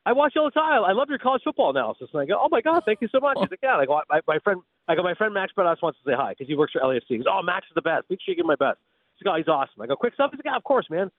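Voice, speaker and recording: Man, phone-line call-in, high and animated, rapid storyteller. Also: dry recording. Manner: lively, laughing storyteller. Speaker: guest analyst. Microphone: phone hotline.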